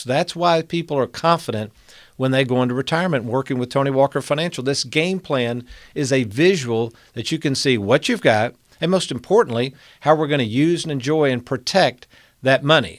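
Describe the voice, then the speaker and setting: A man in his fifties hosting a financial show, pitching his service to viewers in an earnest, salesman-like way with rhetorical questions. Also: no echo, studio quality. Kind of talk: direct-to-camera talk.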